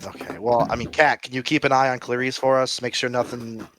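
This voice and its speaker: A man's voice: mid-range voice, flat delivery, fairly quick, noisy background. A man playing a tabletop game, hesitant and a bit pleading. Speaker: player. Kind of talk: casual tabletop play.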